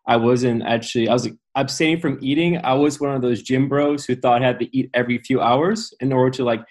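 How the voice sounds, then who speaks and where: A man's voice: mid-range voice, fairly even intonation, quick pace, darkish tone. A young man with a slight, mixed international English accent, chatting upbeat and easy as an interview guest. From born in Amsterdam, raised abroad. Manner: upbeat, chatty, laughs easily. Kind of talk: casual interview chat.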